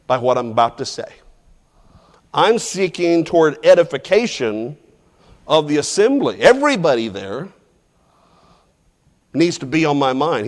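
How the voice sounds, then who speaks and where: A man teaching a Bible class verse by verse in a loose, conversational way, restarting phrases and putting questions to the class. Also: mid-range voice. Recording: long reverb from a large hall.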